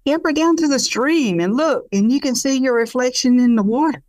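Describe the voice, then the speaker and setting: A woman's voice: high voice, normal speed, darkish tone, no echo, recorded from a distance, voice pushed up, lightly acted. A woman voicing a bossy big chipmunk brother. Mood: apologetic.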